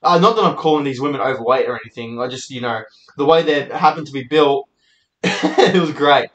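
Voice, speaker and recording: A man's voice: mid-range voice, steady tone, normal speed, fairly bright tone, reverberant, lo-fi sound. A young Australian man hosting his own show, telling rambling stories in a casual, sweary way. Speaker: podcast host and comedian. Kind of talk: solo storytelling monologue.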